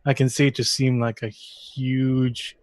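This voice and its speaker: A man's voice: mid-range voice, little pitch movement, slow, a little mellow. A man playing a tabletop role-playing game, casual and joking. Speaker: player.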